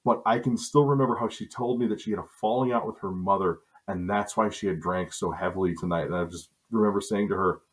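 A middle-aged man from Wisconsin, telling stories in a relaxed, chatty way on a podcast. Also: on the low side, fast, few pauses. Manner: relaxed, chatty storyteller with asides and self-corrections. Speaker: podcast co-host. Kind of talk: casual storytelling.

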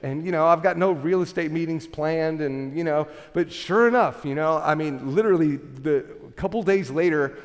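A middle-aged man preaching a sermon, telling a story with an animated, self-deprecating manner and many restarts. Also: on the high side, normal speed, hardly any pauses. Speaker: pastor. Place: large church hall. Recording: reverberant church hall.

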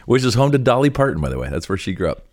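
A man's voice: mid-range voice, sing-song, racing, a little mellow, dry recording, studio quality. A Canadian man co-hosting a podcast, chatting casually and laughing often. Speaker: podcast co-host, pastor. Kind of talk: casual chat.

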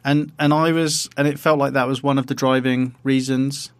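A man's voice: medium pitch, little pitch movement, normal speed, no room sound. A man, co-hosting a casual podcast and chatting in a rambling, self-interrupting way. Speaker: podcast co-host. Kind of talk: casual chat.

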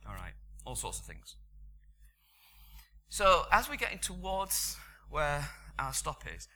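A middle-aged British preacher delivers a sermon as conversational storytelling with chuckling asides. His voice is fairly high and sharp, with huge pitch swings, and he takes it slowly.

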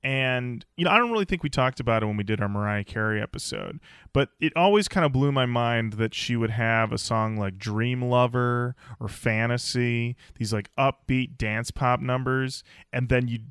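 Male podcast co-host, bright clean tone, rambling chatty delivery, dry close sound. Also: mid-range voice, moderate pace, clean tone, no echo. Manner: rambling with restarts and fillers. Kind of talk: casual chat.

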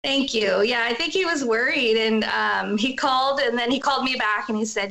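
A woman's voice: on the high side, a little fast, gravelly, few pauses, bright, forceful tone, poor audio. A middle-aged woman candidly telling a personal story as an interview guest, acting out what others said in emotional retellings. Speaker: guest sharing her story.

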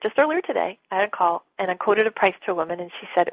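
A middle-aged woman speaks as a business coach on an interview show, her voice a little husky. She talks with animation and slips into little acted-out exchanges with clients. The sound is dry and close, with no room around it. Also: medium pitch, racing, no room sound, low-quality recording. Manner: animated, acts out sales calls with clients. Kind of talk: podcast interview talk.

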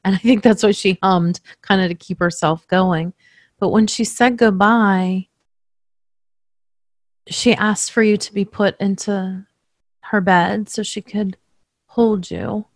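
A woman working as a medium, tenderly recounting a reading to the person she read for, emotional and halting. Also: medium pitch, fairly even intonation, no room sound, studio quality.

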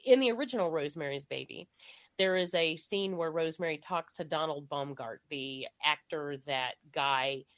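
A woman's voice: low-pitched, normal speed. A woman co-hosting a casual movie podcast, rambling with lots of fillers and frequent laughter. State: recovering from illness. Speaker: podcast co-host.

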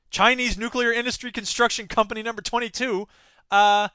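A man hosting a solo news commentary podcast, sarcastic and animated, arguing with himself. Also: very high-pitched, normal speed, clean tone, dry recording. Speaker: podcast host.

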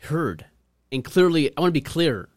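A man's voice: fairly high pitch, sing-song, moderate pace, no echo, clean studio sound. Punchy-voiced podcast host man. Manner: loud, punchy delivery. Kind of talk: casual chat.

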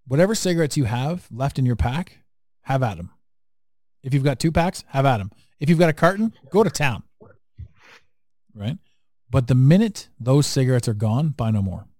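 A man's voice: medium pitch, sing-song, moderate pace, long pauses, warm tone, no echo, clean studio sound. A man hosting a casual podcast conversation, talking bluntly and emphatically and swearing freely. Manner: blunt, profane, emphatic and preachy. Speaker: podcast host.

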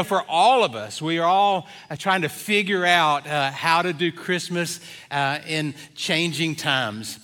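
A man's voice: a little high, pushed and bright. A middle-aged male pastor giving a sermon in a church, telling folksy stories with many fillers. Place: church sanctuary.

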